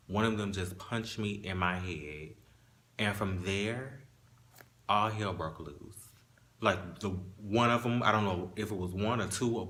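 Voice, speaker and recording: A man telling a painful personal story in a casual monologue, halting and restarting as he holds back tears. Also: lowish voice, pushed and bright.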